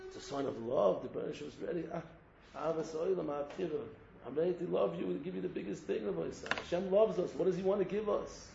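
Man, impassioned sermon, exhorting, slightly raised pitch, gravelly, roomy lo-fi recording. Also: quick pace, dark tone, slight background noise. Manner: exhorting, repeats a refrain of address, mixes Hebrew terms. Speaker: rabbi giving a Torah talk.

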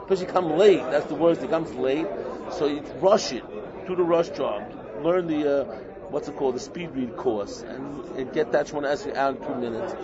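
A man with a fairly high voice gives a lively religious talk, circling back on his points and slipping into other people's voices as he goes. The recording is muffled and dull. A crowd murmurs clearly behind him. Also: moderate pace. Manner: animated, repetitive, acts out quotes. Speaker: religious teacher. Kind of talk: informal Torah talk.

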